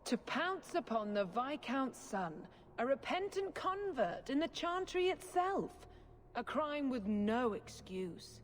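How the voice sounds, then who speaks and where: Zealous scheming priestess, lively swooping delivery, slightly high, long hall reverb with faint hiss. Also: female voice, slow pace, exaggerated voice. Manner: fervent, accusing, sermon-like. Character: fanatical middle-aged woman priest, zealous schemer. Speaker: priestess character. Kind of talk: video game voice acting.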